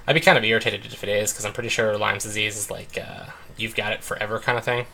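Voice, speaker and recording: Young man, bright voice, casual gaming chat, rambling, lots of filler words, home desk mic. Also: lowish voice, little pitch movement, quick pace, gravelly, a little hiss or hum. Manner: rambling, full of "like" and "um". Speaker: let's play host.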